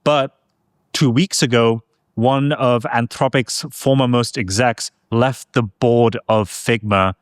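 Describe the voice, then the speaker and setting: A British man co-hosting a casual tech podcast, chatty and quick to laugh. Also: mid-range voice, fairly even intonation, clear, resonant tone, no room sound, studio quality. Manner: chatty, laughs easily, says whilst. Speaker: podcast co-host.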